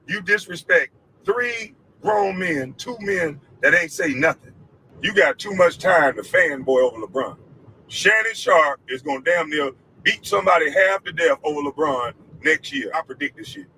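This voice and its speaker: A man's voice: high voice, sharp tone, a little hiss or hum, rough recording. A former basketball player in a heated, scornful rant, taunting the man he is addressing. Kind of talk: angry rant.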